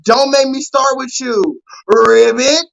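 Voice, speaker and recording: A young adult man hosting a live call-in stream, ranting loudly and profanely at the chat and mocking his target. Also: very high voice, normal speed, dull audio. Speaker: livestream host.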